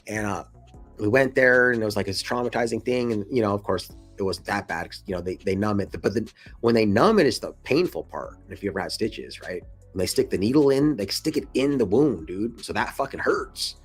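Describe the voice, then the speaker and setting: A man's voice: fairly quick, husky, soft background music. A man in his twenties telling a casual story to camera, swearing freely and calling the listener dude and bro. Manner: acts out quoted lines in a much higher excited voice. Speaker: vlogger. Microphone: camera mic, showing scars to camera.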